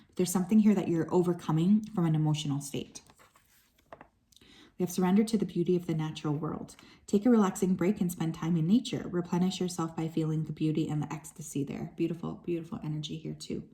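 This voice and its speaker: A woman doing a tarot card reading for her viewers, talking in a relaxed, chatty way with plenty of "um"s and asides. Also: low voice, fast talker. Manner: relaxed and chatty, with frequent fillers and soft asides. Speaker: tarot reader.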